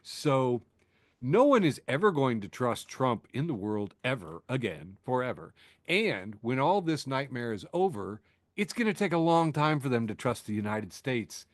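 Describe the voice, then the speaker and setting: His mid-range voice swings widely in pitch at a normal speed, recorded in a clean studio with no room sound. The podcast host chats casually about the news with sardonic humor, laughing at his own lines amid frequent fillers and restarts.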